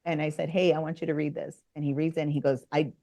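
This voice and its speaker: A woman's voice: low voice, little pitch movement, quick pace, vocal fry, dark tone. A woman guest telling a business story in casual conversation, acting out both sides of the dialogue. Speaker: podcast guest.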